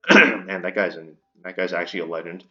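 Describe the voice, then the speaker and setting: A man's voice: low-pitched, normal speed, pushed and bright, highs cut off. A man delivering an indignant commentary rant, stumbling and repeating words as he vents. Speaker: commentary YouTuber. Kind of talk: ranting commentary.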